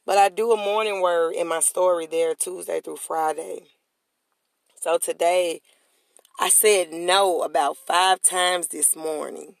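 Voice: mid-range voice, gravelly, no room sound. A podcast host giving a motivational talk in a preachy way, repeating phrases and calling on listeners to answer back. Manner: preachy, repetitive call-and-response.

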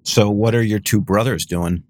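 A man hosts an interview show in a lowish voice, recorded dry and close with no room sound. He talks in a friendly, chatty way. His questions wander before reaching the point. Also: normal speed, darkish tone, no room sound. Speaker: podcast host. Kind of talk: casual interview conversation.

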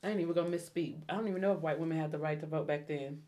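A woman co-hosting a podcast, chatting casually about a film, quoting scenes and reacting quickly. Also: sits low, warm tone. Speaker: podcast co-host. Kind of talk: casual movie review chat.

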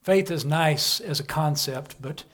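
Fairly high-voiced, emphatic preacher. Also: male voice, a little slow, fairly bright tone. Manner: emphatic, rhetorical questions. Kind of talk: sermon.

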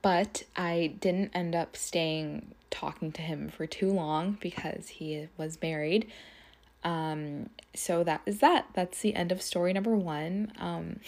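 Speaking a little slowly in a slightly low, mellow voice with a steady tone, a young podcast host shares her story casually with listeners. Her delivery is loose and gossipy, full of profanity, with "like" in nearly every sentence.

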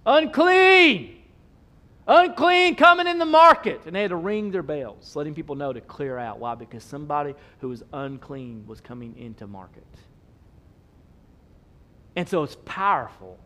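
A pastor preaching a sermon, emphatic and repetitive, with rhetorical questions and a casual way of talking. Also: male voice, medium pitch, expressive, moderate pace. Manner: casual, with filler likes.

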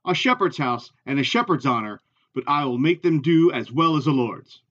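A man reading aloud who voices an earnest young male shepherd making a solemn, steady vow. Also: mid-range voice, normal speed, highs cut off.

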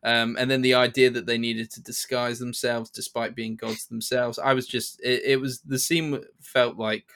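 A man co-hosting a podcast, chatting casually in a review and pausing often to restart his sentences. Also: mid-range voice, little pitch movement, a bit bright. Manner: hesitant, many restarts and fillers. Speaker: podcast co-host.

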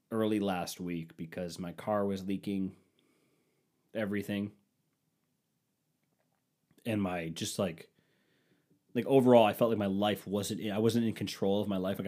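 Profane, storytelling podcast man. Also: fairly low pitch. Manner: profane, animated ranting when retelling arguments. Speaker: podcast host. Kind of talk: casual storytelling.

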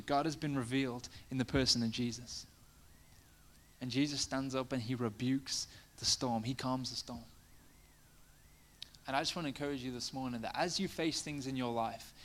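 A male preacher keeps his sermon casual and chatty, full of fillers, then swells into fervent, passionate emphasis. His voice is medium in pitch and a bit bright.

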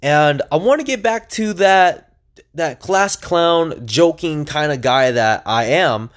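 Energetic young man hosting a podcast. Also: on the high side, slow. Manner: energetic and chatty, many fillers and restarts. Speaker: podcast host. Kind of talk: casual solo podcast monologue.

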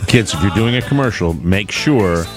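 A man's voice: fairly low pitch, normal speed, over loud music. A man hosting a comedy podcast in casual chat, joking and reading ads. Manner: playful, jokey, animated. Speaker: podcast host.

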